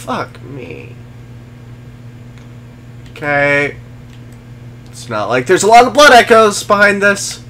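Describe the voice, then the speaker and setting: Pauses come often in this high, very animated, slow voice, which sounds pushed and bright. The man is streaming a video game, cursing, sarcastically taunting enemies and chatting with his viewers.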